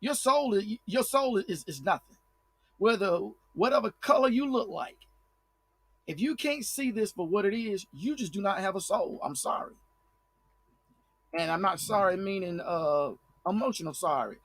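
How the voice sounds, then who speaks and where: A man's voice: sits high, moderate pace, fairly bright tone. A man commenting on a court case in a blunt, heated way, repeating himself and restarting sentences as he makes his point. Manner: blunt, repetitive, fiery. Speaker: online commentator.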